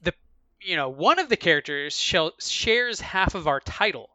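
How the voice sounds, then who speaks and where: A man's voice: high voice, expressive, moderate pace, pushed and bright, no room sound, lo-fi sound. A man co-hosting a casual movie review chat, earnest and stammering through restarts.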